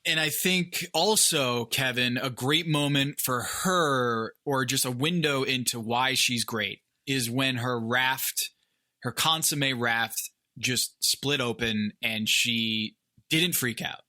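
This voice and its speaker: A man co-hosting a podcast, speaking in a relaxed, conversational way. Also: medium pitch, slow. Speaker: podcast co-host. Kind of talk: casual chat.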